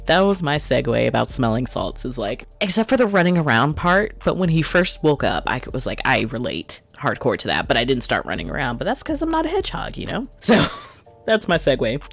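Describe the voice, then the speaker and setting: A young woman chats through a movie review as a podcast host, her pitch leaping up and down as she acts out little moments. She laughs often and keeps it loose and conversational. Faint music sits under her voice. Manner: animated storyteller, laughs often, acts out quotes. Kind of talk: casual chat.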